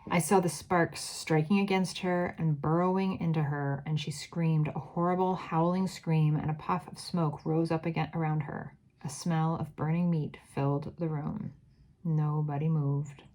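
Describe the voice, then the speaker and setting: A woman reading a children's book aloud, measured, dropping to a whisper at tense moments. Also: deep voice, fairly even intonation, warm tone. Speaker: read-aloud narrator.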